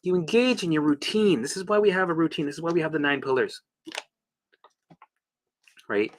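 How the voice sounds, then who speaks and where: A man with a fairly high voice speaks at a normal speed, talking casually as a recovery coach. He's blunt, curses freely, and acts out his own past reactions.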